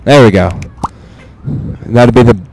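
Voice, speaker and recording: A young man giving profane, excitable let's play commentary, talking to himself as he plays. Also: mid-range voice, a little slow. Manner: profane, excitable, talks to himself while playing.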